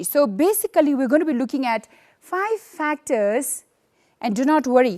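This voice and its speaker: A woman's voice: sits high, darkish tone. A woman teaching an economics lesson, explaining step by step with frequent fillers and repetitions. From Bhutan. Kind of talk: recorded classroom lesson.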